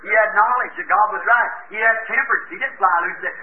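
Man, preacher, very high voice, folksy storytelling sermon, tinny lo-fi tape, faint hiss. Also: quick pace. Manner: folksy storytelling, acting out biblical characters.

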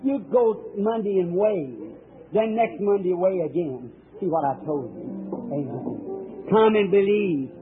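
A man's voice: sits high, unhurried, music in the background. A man preaching at a healing service, praying and speaking directly to people one by one in a fervent, emphatic way. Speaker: preacher and faith healer. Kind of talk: healing-service sermon with prayer. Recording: thin, tinny old archival tape.

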